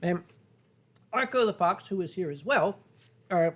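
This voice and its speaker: A tipsy man hosting a livestream, his voice pitched notably high. He chats casually and chuckles often as he reads out viewer messages and thanks donors. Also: expressive, a little slow, fairly bright tone, slight background noise. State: tipsy from drinking sake. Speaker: livestream host. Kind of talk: casual chat.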